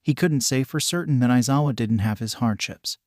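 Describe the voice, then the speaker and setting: A man narrating fan fiction in a steady, even reading voice. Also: mid-range voice, fairly quick, no room sound, clean studio sound.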